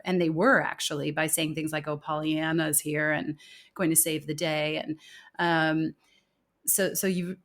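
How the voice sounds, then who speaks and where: A woman's voice: sits low, creaky. A woman, a communication consultant, earnestly explaining her views as a guest in an interview conversation. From United States. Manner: earnest, explanatory, acts out quoted speech.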